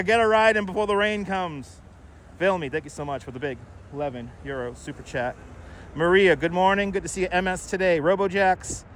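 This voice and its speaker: A man's voice: high voice, fairly bright tone. A man live-streaming while riding a bike through city streets, chatting casually and greeting viewers by name on a clip-on wireless mic. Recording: wind and traffic noise outdoors.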